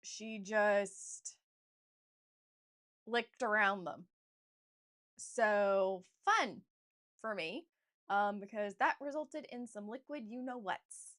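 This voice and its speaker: A woman author livestreams a writing session, chatting casually and rambling with lots of fillers and restarts, frequently calling viewers "you guys." Her mid-range voice is slightly bright, slow, and broken by long pauses.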